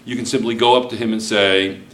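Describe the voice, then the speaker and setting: A man's voice: fairly low pitch, steady tone, brisk, fairly bright tone. A male chemistry teacher, giving a joking classroom lecture and constantly checking in with students.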